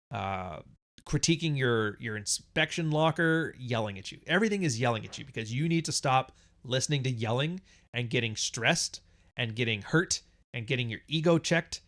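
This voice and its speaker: A man's voice: medium pitch, a bit bright. A man hosting a podcast, talking casually and bluntly with plenty of swearing, acting out quoted voices and laughing at his own jokes. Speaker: podcast host. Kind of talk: casual monologue.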